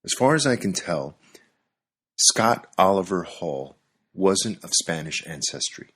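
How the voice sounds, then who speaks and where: Man, podcast host, wry scripted narration, dry humor, deep voice, husky tone. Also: big pitch swings, measured pace, a bit bright.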